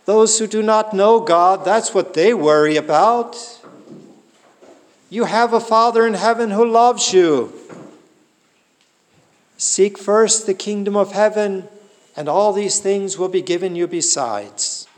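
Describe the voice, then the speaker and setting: High-voiced preacher in a reverberant hall. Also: male voice, slow, long pauses. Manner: earnest, rhetorical questions. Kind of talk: sermon.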